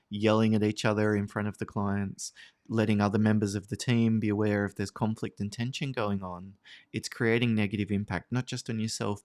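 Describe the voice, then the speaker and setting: A man giving a recorded training seminar, calmly explaining steps and modelling empathetic phrases. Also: on the low side, dry recording, studio quality. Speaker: workplace trainer.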